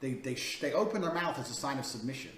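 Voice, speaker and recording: A man's voice: medium pitch, expressive, fast talker, fairly bright tone, a little hiss or hum. A man coaching in a crude, blunt, profane way, talking through a paid dating course. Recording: echoey room, distant mic, faint ambience.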